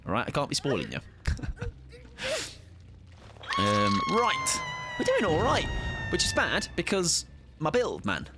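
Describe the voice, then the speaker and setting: A man's voice: sits high, huge pitch swings, measured pace, long pauses, heavy background noise. A man, chatting playfully while live-streaming a game and greeting viewers. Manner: playful, chatty, jokey asides. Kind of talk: casual live-stream commentary.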